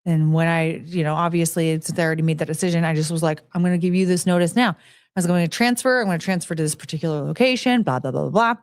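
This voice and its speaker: A woman's voice: on the low side, steady tone, fast, no echo. A woman hosting a podcast, telling stories in a rambling, frank way with lots of fillers and restarts. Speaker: podcast host. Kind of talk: casual monologue about past jobs.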